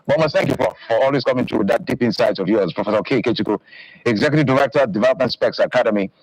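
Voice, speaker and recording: A man, a radio host, wrapping up a broadcast interview in a brisk, polite manner. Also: mid-range voice, no room sound, low-quality recording.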